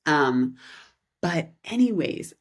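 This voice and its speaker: A woman in her thirties, a podcast co-host, telling a rambling, animated story in casual chat and laughing often. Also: low voice, slow.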